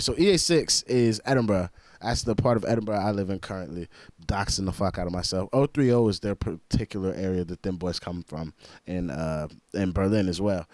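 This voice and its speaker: A man with a fairly low voice gives laid-back, slangy commentary on a music track, filling his talk with "like." The sound is dry and close, with no room echo. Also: darkish tone. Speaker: reaction video host and rapper. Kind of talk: casual reaction commentary.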